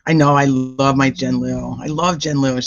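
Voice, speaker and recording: A man hosting a true-crime livestream and chatting casually with viewers as he greets them by name. His voice is roughened by a cold. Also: mid-range voice, normal speed, no echo. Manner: chatty and animated, rattling off greetings. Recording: dry, slightly dull lo-fi sound.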